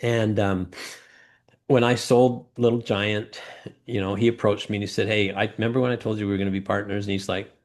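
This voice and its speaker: A middle-aged man, a guest in an interview, telling stories with lively acted-out quotes. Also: on the low side, fairly quick. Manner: animated storyteller acting out quoted voices. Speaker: guest, former ladder company owner. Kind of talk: storytelling interview talk.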